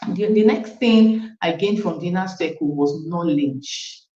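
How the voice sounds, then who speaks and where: Nigerian woman, thirties, animated testimony storyteller; roomy, slightly muffled recording. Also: lowish voice, slow. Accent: Nigerian English. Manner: animated storytelling with acted quotes, frequent asides to the coach. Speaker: parent sharing a testimony. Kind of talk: casual personal testimony.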